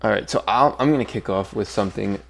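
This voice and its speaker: A man's voice: on the low side, quick pace, creaky. A man co-hosting a podcast in laid-back, joking chat. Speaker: podcast co-host. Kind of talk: casual chat.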